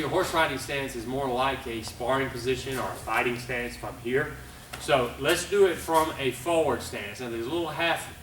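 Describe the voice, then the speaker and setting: A middle-aged man teaching martial arts kicks on video, calling out commands loudly and checking in with "all right?". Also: medium pitch, a little hiss or hum. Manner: calls out commands loudly and coaches with frequent "all right?" and "okay?". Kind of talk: teaching a kicking class on video.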